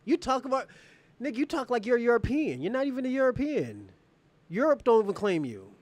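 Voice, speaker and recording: A man with a strikingly high voice hosts a heated livestream. He taunts and mocks the people he addresses, often laughing as he goes. The sound is dry, with no room echo. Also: sing-song, a little fast. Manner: taunting, mocking, breaks into laughter. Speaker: livestream host. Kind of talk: heated live commentary addressing viewers.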